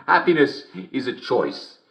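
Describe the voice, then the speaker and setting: A man's voice: medium pitch, very animated, slow, gravelly, fairly bright tone, reverberant, exaggerated voice. An actor playing a creepily upbeat male radio comedy host, who chuckles constantly between lines in an in-game radio broadcast. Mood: chuckling.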